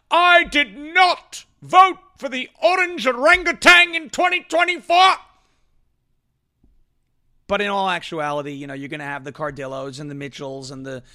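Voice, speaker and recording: A man's voice: fairly high pitch, bright, forceful tone. A man hosting a political talk livestream, ranting with a combative, sarcastic edge. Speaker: political talk show host.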